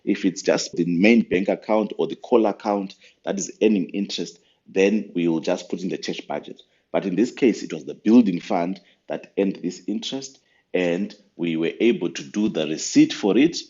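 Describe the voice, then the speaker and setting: A man patiently walking through church finance software step by step, with frequent fillers, in a screen-recorded tutorial. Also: low voice, moderate pace, muffled recording.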